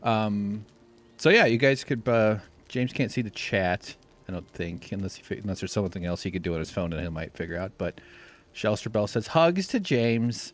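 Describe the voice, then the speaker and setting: A man from the United States hosting a live stream, talking in a rambling, sarcastic way with deadpan jokes. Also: fairly low pitch, brisk. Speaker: livestream host. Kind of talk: casual live-stream chat.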